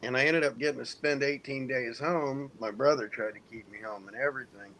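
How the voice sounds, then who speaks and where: A man in his forties from Indiana, a military veteran telling a long story in a relaxed, profane way to friends in a casual hangout. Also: medium pitch, brisk, a little hiss or hum. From United States (Indiana). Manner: profane, laid-back storyteller who mimics others.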